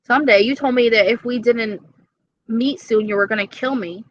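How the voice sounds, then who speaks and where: A woman's voice: fairly high pitch, moderate pace, no room sound, lo-fi sound. A young woman chatting casually with viewers on a live stream, gushing and dramatic.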